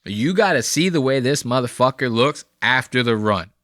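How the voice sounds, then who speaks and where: A man's voice: medium pitch, animated, moderate pace, fairly bright tone, dry recording, clean studio sound. A man hosting a podcast, giving a mocking, profane reaction commentary on clips. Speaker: podcast host.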